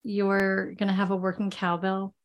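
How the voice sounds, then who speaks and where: A woman joining a podcast chat, teasing and animated. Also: medium pitch, normal speed. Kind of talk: casual chat.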